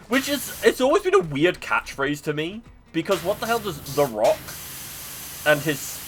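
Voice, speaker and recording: Lively rambling man streamer. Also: high-pitched, takes it slowly, pauses often, faint music behind, poor audio. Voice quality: lively rambling, self-mocking. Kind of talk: casual chat while gaming.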